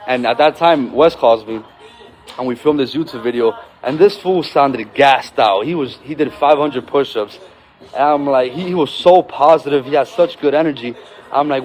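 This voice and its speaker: A man with an ordinary mid-range voice talks straight to the camera in a casual motivational vlog. He is sweaty from a workout outside, and his delivery is energetic and full of swearing. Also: mid-range voice, normal speed, low-quality recording. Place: outdoors.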